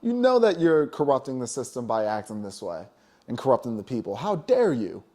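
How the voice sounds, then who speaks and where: A man's voice: medium pitch, wildly swooping pitch, brisk, darkish tone. A man co-hosting a casual spiritual talk show, talking emphatically and preaching, with many "you know?" asides. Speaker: podcast co-host.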